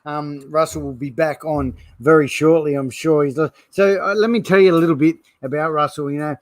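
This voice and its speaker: A man's voice: a little high, fairly quick, dry recording. A man hosting a live online interview, friendly and encouraging. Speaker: host.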